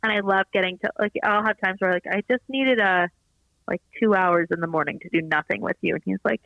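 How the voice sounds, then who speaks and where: A woman's voice: medium pitch, a little fast, vocal fry, no echo. A woman guest on a podcast, chatting casually and acting out quotes as she tells stories over a muffled remote line. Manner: animated storyteller, acts out quotes. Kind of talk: casual chat.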